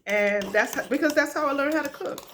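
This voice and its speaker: A woman's voice: sits high, fairly quick, a little hiss or hum. A middle-aged woman chatting casually while she cooks in her home kitchen, laughing often and talking straight to her viewers. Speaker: home cook vlogger. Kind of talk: casual cooking chat.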